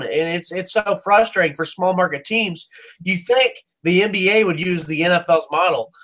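A man's voice: high-pitched, normal speed, fairly bright tone. A man co-hosting a casual sports podcast, ranting with heat, swearing and stumbling over restarts. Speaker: podcast co-host.

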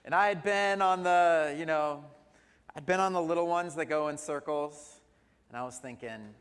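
High-voiced pastor in a reverberant hall. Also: male voice, expressive, normal speed, fairly bright tone, clean tone. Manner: humorous personal storytelling. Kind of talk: sermon. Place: church sanctuary.

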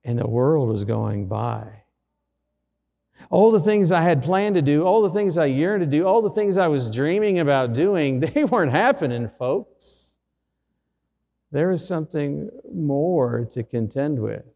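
A man's voice: a little high, expressive, measured pace, gravelly, mellow, in a large hall. A middle-aged man, a pastor, preaching a sermon through a personal story with self-deprecating humor.

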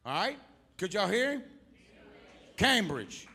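High, bright-voiced preaching evangelist. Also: male voice, big pitch swings, slow, slight background noise. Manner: loud, swings between shouting and quiet coaxing, call-and-response with the congregation. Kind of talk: fervent preaching at an altar call. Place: church service before a congregation.

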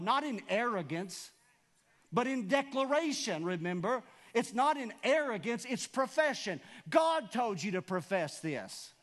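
A pastor preaching a sermon in a church, with emphatic repetition and questions to the congregation. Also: male voice, very high-pitched, very animated, a little slow, a bit bright. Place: church sanctuary.

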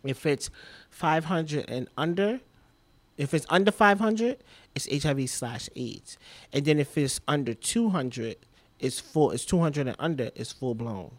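A man's voice: a little high, expressive, measured pace, no room sound. Rambling, candid man telling his story. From Trinidad. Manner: rambling, repeats himself, heavy use of "like". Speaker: guest.

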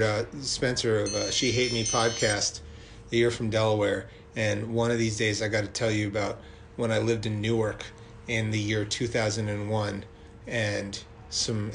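A man co-hosting a podcast in casual chat, talkative and quick to laugh, reading out listener mail. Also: lowish voice, a little hiss or hum. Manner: chatty, laughs easily, reads listener mail aloud. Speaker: podcast co-host.

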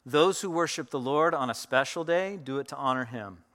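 A man's voice: medium pitch, moderate pace, a bit bright. A man in his thirties, a pastor, preaching a sermon in a loose, conversational storytelling way with many fillers.

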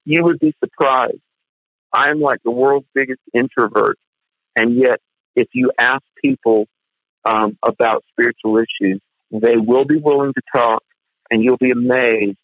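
A male guest telling stories in an animated, conversational way, acting out the people he quotes. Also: mid-range voice, no echo. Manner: animated storyteller, quotes others in his voice. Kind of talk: conversational testimony. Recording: dry phone-like line.

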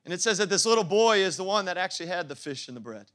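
A man preaching a sermon as pastor of a church, playful and quick to laugh, building up to fervent calls. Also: sits high, lively intonation, fairly bright tone.

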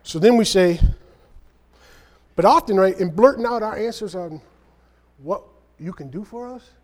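A man's voice: sits high, expressive, normal speed. A man preaching a conversational sermon, reading scripture and acting out the quoted voices. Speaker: speaker. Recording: long hall reverb.

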